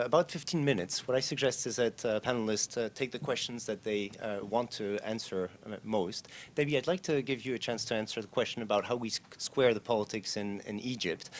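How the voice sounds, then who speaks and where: A man moderating a panel, briskly handing the floor to speakers. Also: fairly low pitch, slight background noise.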